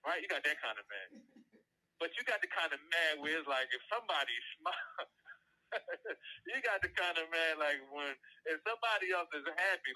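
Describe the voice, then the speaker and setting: A man's voice: a little high, expressive, fairly quick, bright, forceful tone, poor audio. A man hosting a show, talking casually and animatedly to his listeners, firing rhetorical questions and laughing at his own jokes. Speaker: show host.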